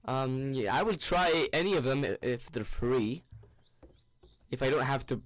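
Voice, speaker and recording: A man's voice: medium pitch, lively intonation, measured pace. A young man giving goofy, rambling commentary on a game he is playing, with bursts of panicked shrieks. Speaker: gaming YouTuber. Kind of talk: let's play commentary.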